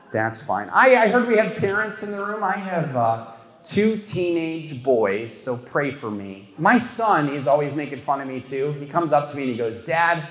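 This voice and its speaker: A middle-aged man tells self-mocking stories in a stand-up set, his pitch swinging widely as he works the crowd. The sound carries a long reverb, echoing through a large room from a stage mic. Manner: animated storytelling, self-mocking punchlines. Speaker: stand-up comedian. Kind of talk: stand-up routine with crowd work. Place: comedy show stage before a live audience. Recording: echoey hall with long reverb.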